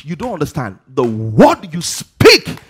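A man's voice: a little high, huge pitch swings, a little slow, husky. A man preaching a sermon to a congregation. He asks rhetorical questions and answers them himself, with emphatic rising delivery.

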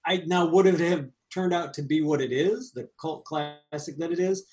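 A man co-hosting a casual movie review chat, animated and laughing, with quick asides. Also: on the high side. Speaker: podcast co-host.

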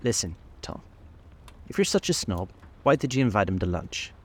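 A man reading the part of a sharp-tongued young society woman with wry, cross remarks. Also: on the low side, animated, quick pace. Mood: dry, cross.

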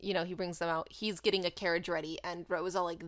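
A podcast co-host with a lowish voice talks fast, with hardly any pauses. She's in a casual chat recapping a film's plot. She tells it animatedly and acts out the characters' lines.

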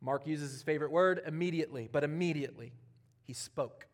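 A man preaching a sermon, animated and conversational, swinging from loud emphatic passages to quiet, near-whispered ones, with casual asides. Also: a little high, brisk. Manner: conversational, with casual asides and playful quoted voices. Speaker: pastor.

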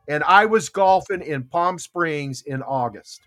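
A man's voice: on the high side, unhurried, few pauses, a bit bright. An older man hosting a morning show, telling a long personal story and acting out what other people said. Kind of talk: casual chat. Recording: internet radio show.

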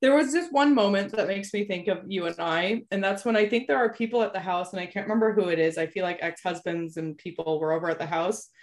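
A woman co-hosting a podcast in casual chat, animated and quick to slip into playful impressions. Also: mid-range voice. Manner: animated, often slips into a posh drawling impression. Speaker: podcast co-host.

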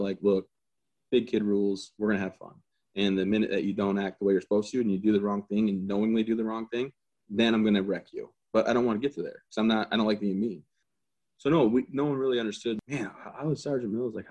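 A man's voice: lowish voice, lo-fi sound. A man, an army veteran, telling stories casually as an interview guest, joking and acting out quotes. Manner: animated, jokey, acts out quotes and gun sounds. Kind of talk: casual storytelling.

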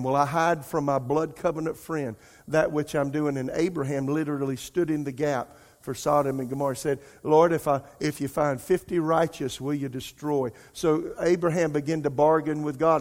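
A man preaching a sermon, telling a personal story and using lots of repeated words. He rises to pleading, near-tearful cries, then drops to soft, quiet asides. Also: medium pitch. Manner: emotional storytelling, rising to near-crying pleas; conversational, repeats words, addresses congregation as y'all. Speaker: pastor.

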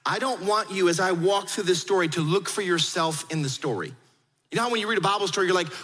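High bright-voiced male pastor preaching. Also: in a large hall. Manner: animated storytelling, acts out quoted voices. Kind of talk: sermon.

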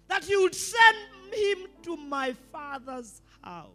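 A Kenyan pastor voices a tormented rich man begging to be heard. His high, ringing pleas come in bursts of shouting, switching into Swahili street slang. Soft music sits faintly underneath. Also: expressive, slow pace, heavily acted. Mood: desperate pleading. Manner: pleading, shouting, mixing English and Swahili slang.

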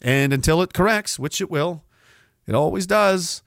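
A man's voice: a little high, animated, moderate pace, creaky, a bit bright, dry recording, clean studio sound. A Canadian man hosting a podcast, ranting angrily in a solo commentary with sarcastic mocking asides. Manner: angry, sarcastic, mocking imitations. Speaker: podcast host.

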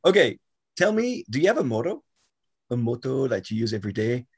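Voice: mid-range voice, very animated, fairly quick, faint music behind. An interviewer from France, asking questions in a casual chat and agreeing often. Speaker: interviewer, host.

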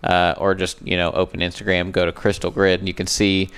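A man's voice: low voice, monotone, a little fast, a bit bright, clear, resonant tone. A man hosting a podcast in casual, chatty conversation. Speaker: podcast host. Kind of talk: casual chat.

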